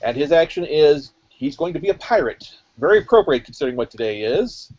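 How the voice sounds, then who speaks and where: A man casually hosting a live online drawing event, reading out each artist's assignment slowly and plainly. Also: fairly high pitch, very animated, a little mellow, highs cut off.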